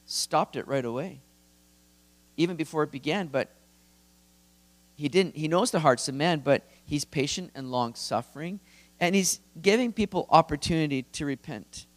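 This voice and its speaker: A man's voice: a little high, normal speed. A male pastor giving an expository sermon in a conversational, earnest, emphatic way.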